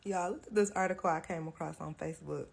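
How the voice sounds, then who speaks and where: A woman's voice: deep voice, fast talker, gravelly, crowd noise. A woman talking straight to her viewers in a gossipy, amused social-video style. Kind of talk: casual social video commentary.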